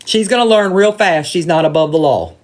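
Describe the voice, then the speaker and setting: A woman's voice: lowish voice, brisk. A woman with a Southern accent, ranting bluntly and profanely on a livestream from her phone and hammering her points by repeating them. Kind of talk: heated livestream rant.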